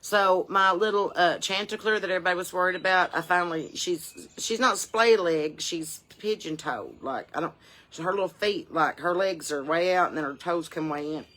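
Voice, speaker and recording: Salty lady rambling on her vlog, cussing and telling stories, bright sharp voice. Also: on the low side, moderate pace. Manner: salty, profane, down-home storytelling; drops to a soft murmur at times. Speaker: touring musician and vlogger. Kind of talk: casual rambling vlog chat.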